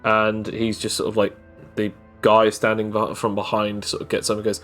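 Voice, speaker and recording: A man narrating a tabletop game as game master, rambling with many fillers, restarts and pauses. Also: fairly low pitch, completely flat delivery, a bit bright, soft background music.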